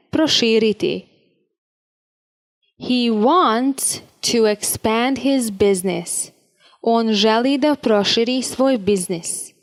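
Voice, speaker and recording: Very slow, careful woman teacher. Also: a little high. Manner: slow, deliberate, carefully enunciated word-by-word reading. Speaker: language teacher. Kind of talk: vocabulary drill lesson.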